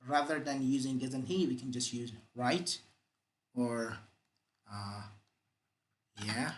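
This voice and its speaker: A man's voice: medium pitch, takes it slowly, slight background noise, poor audio. A man teaching English grammar, repeating example sentences with exaggerated rising and falling intonation. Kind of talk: grammar lesson.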